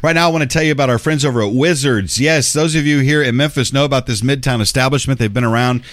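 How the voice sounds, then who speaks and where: A man's voice: medium pitch, fast talker, dry recording, clean studio sound. A man hosting a radio show, chatting loosely and reading ads in a rambling, chummy way with slang asides. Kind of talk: casual radio chat and ad reads.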